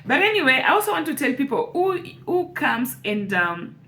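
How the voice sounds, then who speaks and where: A woman's voice: high-pitched, big pitch swings, normal speed, sharp tone. A woman speaking to camera in an emotional personal vlog, earnest and repeating phrases for emphasis. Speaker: vlogger.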